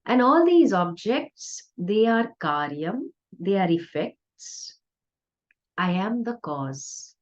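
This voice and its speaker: A woman spiritual teacher giving a conversational, playful discourse with soft laughs. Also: medium pitch, big pitch swings, slow. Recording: dull lo-fi recording.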